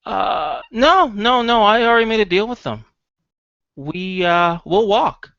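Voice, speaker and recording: Nervous young schemer, put on by a man: sheepish, pleading, pitched up, slightly muffled. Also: sing-song, fairly bright tone, dry recording. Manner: pleading, quick and high-strung.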